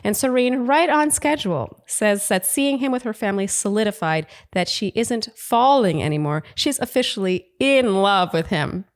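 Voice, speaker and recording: A woman's voice: mid-range voice, expressive, normal speed, few pauses. A woman hosting a podcast, recapping a TV show in a casual, teasing way and laughing often. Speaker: podcast host.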